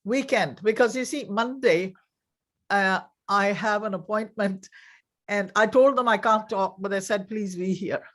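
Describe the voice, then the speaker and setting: A woman's voice: medium pitch, unhurried. A woman chatting casually on a video call before an online session, laughing easily and planning aloud.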